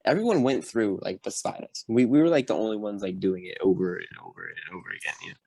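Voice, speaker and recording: Animated young man with a low voice. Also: fast talker, creaky, no echo. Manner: animated, acts out quotes. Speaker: podcast guest. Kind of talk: casual storytelling.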